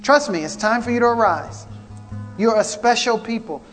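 A man's voice: extremely high pitch, normal speed, a bit bright. A man preaching a prophetic sermon, fervent and repetitive, calling out to the congregation. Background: guitar music.

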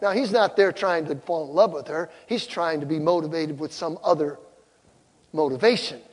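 A middle-aged male pastor delivers a sermon in a noticeably high voice. He tells personal stories with emphasis and turns to the congregation with questions. His words trail off in the long reverb of a large hall. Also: normal speed, slightly rough. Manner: emphatic storytelling, asks the crowd questions.

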